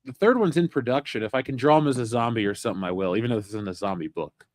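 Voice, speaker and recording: A man's voice: medium pitch, animated, very fast, darkish tone, slight background noise. A man hosting a pop culture chat show, reading viewer comments and teasing his co-host with frequent laughter. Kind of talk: casual chat.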